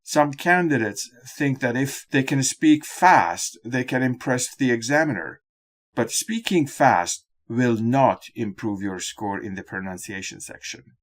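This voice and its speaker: A man narrating a scripted lesson on exam speaking skills in a measured, instructional way. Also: medium pitch, expressive. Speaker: exam-prep teacher.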